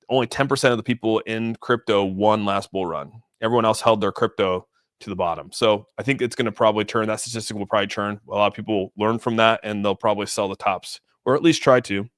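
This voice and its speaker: A man with a lowish, smooth and resonant voice talks through price charts on a live stream. He rambles loosely and restarts his sentences as he chats with viewers. The sound is dry and close. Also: steady tone, brisk, a bit bright, no room sound. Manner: loose and chatty, many restarts, reads donor messages. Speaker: crypto streamer. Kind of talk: casual livestream chart commentary.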